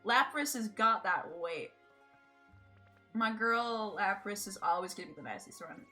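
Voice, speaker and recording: Bright-voiced Scottish woman streamer. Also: mid-range voice, unhurried, faint music behind. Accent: Scottish, between Edinburgh and Glasgow. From Scotland. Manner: chatty, swears freely, laughs often. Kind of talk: casual live-stream chat while gaming.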